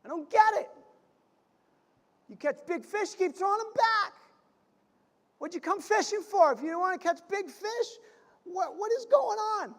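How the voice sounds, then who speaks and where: A man voicing a baffled fisherman who loudly demands to know what his friend is doing. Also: very high voice, expressive, a little slow, long pauses, voice pushed up, full character voice. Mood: incredulous. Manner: incredulous, shouting questions. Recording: reverberant church hall.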